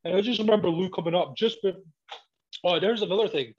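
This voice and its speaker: A man, a professional wrestler, telling sweary, animated stories in casual chat and acting out both sides of each exchange. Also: sits high, quick pace, breathy edge. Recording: dull lo-fi audio.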